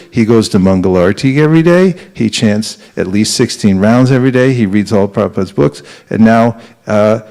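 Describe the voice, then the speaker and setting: Guy giving a spiritual talk, middle pitch, earnest and chatty, stops and restarts now and then. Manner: earnest, conversational, with pauses and restarts. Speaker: spiritual teacher. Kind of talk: devotional talk to a live audience.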